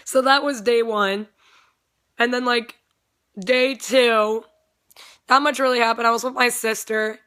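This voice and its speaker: A young woman vlogs in a rambling, excitable chat and swears freely along the way. Her voice sits a little high and has a bright, sharp edge. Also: unhurried, long pauses, clean tone. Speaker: vlogger. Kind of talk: casual chat.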